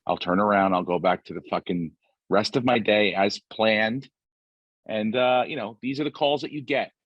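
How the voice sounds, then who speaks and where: A man's voice: fairly low pitch, normal speed, no echo, lo-fi sound. A man in his forties hosting a podcast, telling rambling, profanity-laced stories in a casual chat. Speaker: podcast host.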